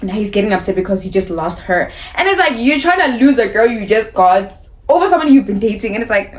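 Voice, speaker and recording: A young woman from South Africa telling a storytime vlog in an animated, indignant way, acting out the other people's lines as she goes. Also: mid-range voice, fairly quick, hardly any pauses. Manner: animated, indignant retelling with quoted dialogue. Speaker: vlogger.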